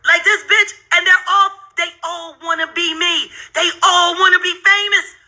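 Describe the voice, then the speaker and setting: Middle-aged woman host, heated cursing rant, very high voice, cutting edge to it. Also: fairly even intonation, moderate pace, bright, forceful tone. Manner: heated, cursing, repetitive, counts aloud sarcastically. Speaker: channel host ranting to viewers. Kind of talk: angry profane rant while browsing videos on screen.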